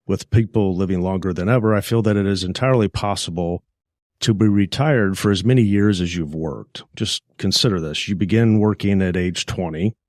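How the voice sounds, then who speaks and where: A man with a deep, low voice delivers a scripted podcast monologue in a measured, plainspoken way. The sound is dry and close, with no room around it. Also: a little mellow, dry recording. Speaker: podcast host, financial advisor.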